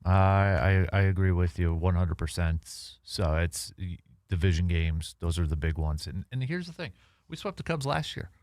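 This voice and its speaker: A man hosting a casual sports radio show, animated and halting with fillers and restarts. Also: low voice, no echo, clean studio sound. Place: radio studio.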